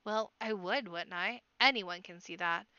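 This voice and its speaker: A woman's voice: medium pitch, unhurried, bright, forceful tone, smooth, no echo, muffled recording. A woman voicing a bossy elder-sister rabbit. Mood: scolding. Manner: scolding, self-important. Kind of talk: amateur audiobook narration.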